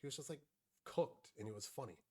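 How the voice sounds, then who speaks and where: Young man for casual storytelling, mid-pitched, loose and profane, drifts between tangents and quoted voices. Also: quick pace, warm tone, husky. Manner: profane, rambling, acts out friends' lines.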